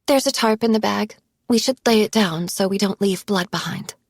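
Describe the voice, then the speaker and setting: A woman narrator voicing a ruthless, controlling young woman with a clipped, forceful delivery and a gravelly, husky edge. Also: mid-range voice, normal speed, dry recording, studio quality, natural voice. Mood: cold.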